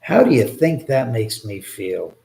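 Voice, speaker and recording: A man's voice: mid-range voice, big pitch swings, measured pace, vocal fry, dark tone. A man hosting a casual livestream from his home, rambling and sarcastic, swearing freely and answering viewer comments as they come in. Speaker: livestream host.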